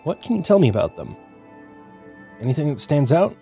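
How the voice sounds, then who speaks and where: A man's voice: a little high, wildly swooping pitch, brisk, gravelly, warm tone, soft background music, full character voice. A man voicing a polite, inquisitive young male detective in a game. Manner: questioning, polite.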